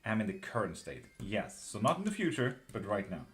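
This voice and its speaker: A man doing live tarot readings, chatting breezily with viewers and answering questions quickly, with casual swearing. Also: on the low side, sing-song, soft background music. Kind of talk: casual live-stream chat.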